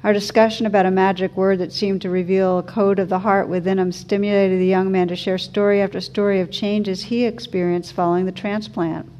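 A woman teacher giving a slow, gentle reflective talk, reading a story aloud. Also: medium pitch, level tone, slight background noise. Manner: slow, gentle, thoughtful delivery.

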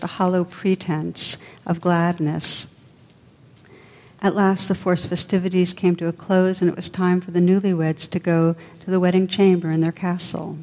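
A woman reads an old legend aloud in a measured, expressive way. Her voice sits fairly low and sounds dark and mellow, and it carries a long hall reverb. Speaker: storyteller. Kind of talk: storybook narration.

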